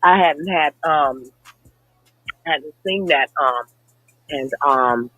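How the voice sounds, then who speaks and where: A man's voice: a little high, extremely slow, sharp tone, no echo. A man joining a casual live audio chat as a guest, speaking hesitantly with many ums. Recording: dull, muffled remote line with faint music.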